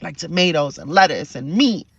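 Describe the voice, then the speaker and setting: A woman's voice: deep voice, lively intonation, moderate pace, gravelly, slightly rough, dry recording. A woman talking earnestly and wistfully in a personal vlog clip. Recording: dull lo-fi played clip.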